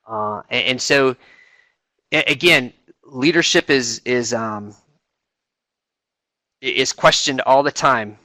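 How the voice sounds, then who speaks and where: A middle-aged man talks to a webinar audience in a loose, conversational way, full of fillers and restarts. His voice is bright and forward at a middle pitch, recorded close and dry. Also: slow, long pauses, no echo. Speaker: senior enlisted advisor speaking on a webinar. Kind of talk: informal talk to a webinar audience.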